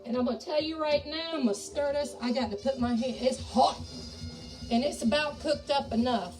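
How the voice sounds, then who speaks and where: A woman's voice: high voice, moderate pace, a little mellow. A woman chatting folksily to viewers as she cooks soup in her home kitchen. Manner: folksy, talks to viewers as y'all. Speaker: home cook and ghost tour guide. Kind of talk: chatty cooking video. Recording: distant mic, music playing behind.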